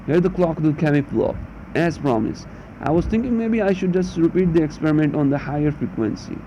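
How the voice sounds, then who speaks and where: A man reading out an excited male scientist's lines in a rushed way, in a muffled recording with a faint hum. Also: fairly high pitch, pitched above the performer's own voice.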